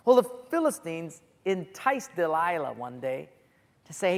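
A preacher delivers a sermon in a medium-pitched voice, acting out a Bible story with lively asides and sound effects. The voice carries a long reverb, as in a large church hall. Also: measured pace.

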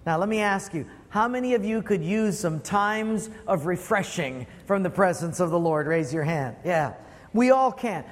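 A man's voice: high-pitched, animated, normal speed, long reverb tail. A man preaching a sermon, asking the congregation rhetorical questions with emphatic delivery.

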